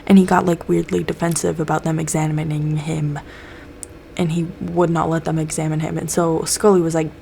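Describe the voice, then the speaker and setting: A young woman chats through a TV episode recap in a loose, profane way, jumping into the characters' lines as she goes. Her voice sits a little low, and a faint hiss of background noise runs under it. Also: level tone, a little fast, gravelly, warm tone. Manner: loose, swears a lot, acts out characters' lines. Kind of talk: casual recap chat.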